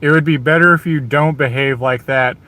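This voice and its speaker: A man's voice: on the high side, steady tone, a little fast, sharp tone. An American man ranting in a repetitive, emphatic, exasperated monologue. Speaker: vlogger.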